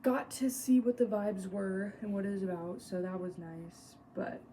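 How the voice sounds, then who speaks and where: A woman's voice: mid-range voice, fairly even intonation, moderate pace, dark tone, slight background noise. A young woman vlogging casually about a book she is reading, blunt and swearing freely, with trailing, hesitant asides. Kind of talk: casual chat to camera.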